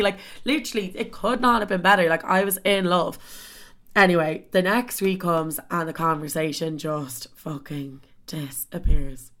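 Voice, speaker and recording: A young woman telling a story in a casual, animated way, swearing often and saying "like" constantly. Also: fairly low pitch, normal speed. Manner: animated, swears a lot, heavy filler "like".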